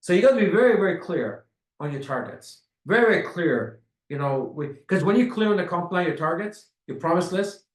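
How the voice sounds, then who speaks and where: A man with a high voice delivers a motivational sales training, hammering points home through repetition and drawn-out words. His voice rings around a reverberant room. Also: animated. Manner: emphatic and repetitive, stretching key words. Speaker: network marketing trainer.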